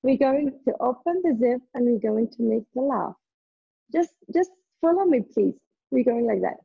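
A woman's voice: on the high side, lively intonation, moderate pace, vocal fry, husky, no echo, phone-quality sound. A woman leading a group laughter yoga session over a video call, laughing often and encouraging everyone cheerfully.

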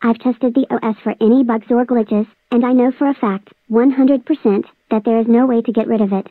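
A woman's voice: a little high, steady tone, fairly quick, no echo, natural voice. A synthetic female text-to-speech voice playing a gloating villain who spreads a spammy operating system, taunting and threatening. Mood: smug. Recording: dry tinny phone-like audio.

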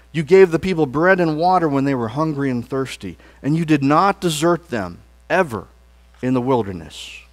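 This is a sermon in a church sanctuary, preached earnestly by a male pastor whose pitch is lively. Emphatic rises give way to soft, trailing phrase endings as he guides the congregation through call-and-response declarations.

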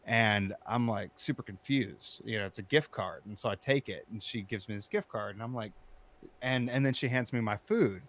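Brief: casual man, low voice, swears freely, animated storyteller who turns loud. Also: moderate pace. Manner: animated, profane, rising to shouting when recounting anger. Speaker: storyteller in interview.

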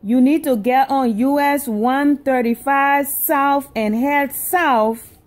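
A woman voicing a patient, condescending female hospital receptionist who speaks slowly and over-explains. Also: high-pitched, steady tone.

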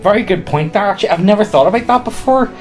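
A man's voice: sits high, animated, fast, soft background music. A man co-hosting a podcast in casual chat, rambling and apologetic with hesitant restarts. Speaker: podcast co-host.

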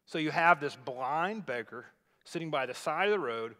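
Man, pastor, conversational sermon, somewhat high voice, long hall reverb. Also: expressive, normal speed, pushed and bright. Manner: conversational storytelling, explaining scripture.

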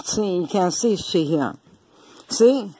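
Slow, profane ranting woman. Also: lowish voice, lively intonation, warm tone, husky. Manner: confrontational, profane and taunting, repeats herself; slang-heavy street talk. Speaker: vlogger. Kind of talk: angry rant to viewers.

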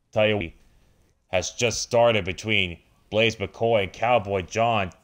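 A man with a fairly low voice gives excited play-by-play over a wrestling video game. He breaks into startled exclamations and stumbles whenever things restart.

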